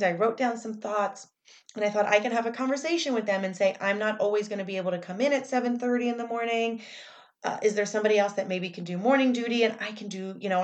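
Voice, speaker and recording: A woman speaking in a candid, reflective personal monologue, retelling her own thoughts aloud as she works through a lesson. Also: medium pitch.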